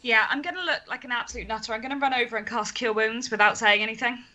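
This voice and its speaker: A woman's voice: fairly high pitch, quick pace, bright, forceful tone. A woman as a player in a tabletop game, earnest and insistent. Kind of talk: casual tabletop play.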